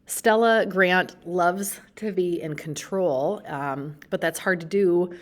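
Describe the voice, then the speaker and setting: Librarian presenting book talks: low-pitched woman, friendly and explanatory, pauses as she goes.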